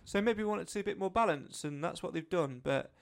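A man's voice: high voice, fast, creaky. A man co-hosting a podcast in casual chat, jokey and rambling as he thinks aloud. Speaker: podcast co-host.

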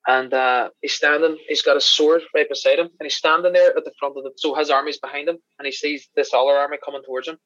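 Fast-talking Irish man telling stories. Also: on the high side, dry recording, highs cut off. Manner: animated, swearing, laughing storyteller. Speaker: podcast guest, special effects crew member. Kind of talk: casual storytelling chat.

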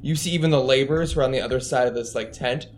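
A man running a tabletop game as games master, narrating in a casual, animated way. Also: mid-range voice, rapid-fire.

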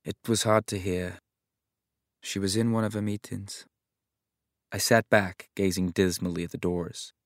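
Low, dry-voiced male reader for a reflective short story, measured delivery. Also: little pitch movement, dry recording. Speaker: story narrator. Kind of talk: audiobook narration of a short story.

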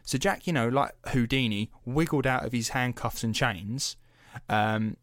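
A man's voice: medium pitch, measured pace, a bit bright, dry recording, clean studio sound. A young man hosting a podcast, telling a story in a loose, chatty way, swearing freely and padding with fillers. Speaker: podcast host. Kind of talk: casual storytelling chat.

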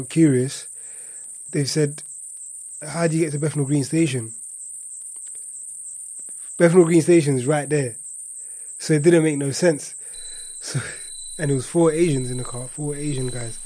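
A young man from East London with a local accent, quietly telling a personal story in a reflective way, often trailing off at the ends of his lines. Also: fairly high pitch, moderate pace, long pauses. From Hackney, East London. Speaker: interviewee.

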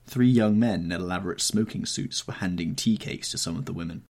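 A man narrating a classic novel in a measured, even-handed reading voice. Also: deep voice. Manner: measured, softer on narration tags. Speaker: audiobook narrator.

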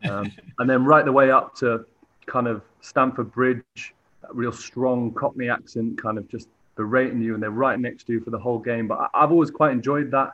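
An English football goalkeeper answers questions in a relaxed sports interview, speaking hesitantly with many fillers and restarts. His voice is mid-range and fairly bright, with fairly even intonation and a moderate pace. The audio is dull and lo-fi.

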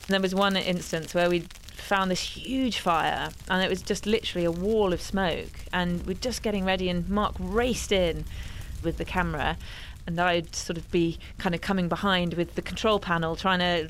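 A woman recounting her fieldwork with a lower, steady voice. She tells it as a lively story and jumps up in pitch when acting out quoted lines. Her delivery is casual and animated. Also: moderate pace, slight background noise. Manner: animated, acts out quotes in a higher voice. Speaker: wildlife filmmaker interviewee. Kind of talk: conversational storytelling.

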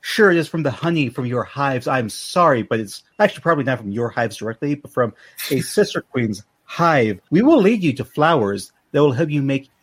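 A man's voice: mid-range voice, very animated, a little fast, breathy edge. A man voicing an earnest mouse guard who rambles through a plea to a swarm of bees.

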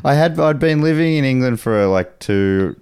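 A man's voice: medium pitch, expressive, normal speed, darkish tone, clear, resonant tone, no echo, studio quality. A man with an Australian accent hosting a podcast, chatting casually and laughing easily as he reads out listener messages. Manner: easygoing, laughs often while reading listener messages. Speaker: podcast host.

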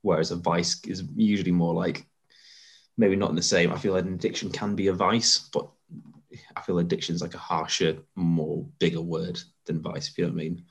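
A man's voice: sits low, level tone, brisk, vocal fry. A man in casual podcast chat, reading out definitions and facts he looked up. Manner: reads out looked-up definitions and facts, laughs along. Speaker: podcast co-host.

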